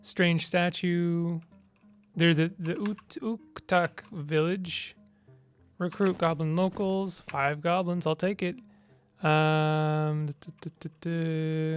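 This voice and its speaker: A man giving casual gameplay commentary, reading the game's text aloud and mumbling through menu choices. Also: on the high side. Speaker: gamer.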